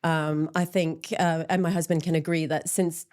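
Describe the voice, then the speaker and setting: Low-pitched middle-aged woman, frank and self-deprecating guest, loose conversational delivery. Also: flat delivery, moderate pace, darkish tone. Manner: open and candid, frequent ums, laughs at herself. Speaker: interview guest, menopause support group founder. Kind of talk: candid conversational interview.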